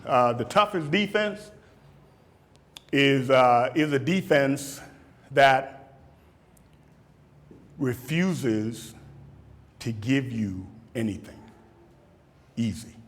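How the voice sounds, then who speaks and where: A man in his fifties, a football coach, giving a motivational talk and taking questions, animated and repeating words for emphasis. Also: medium pitch, extremely slow, pauses often. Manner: animated, acts out shouted quotes, laughs often. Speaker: football coach speaking at a camp.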